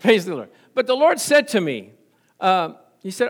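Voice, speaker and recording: A man's voice: high voice, normal speed. A middle-aged male pastor preaching a sermon to his congregation, telling stories and joking with them. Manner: storytelling, animated, jokes with congregation. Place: church before a congregation.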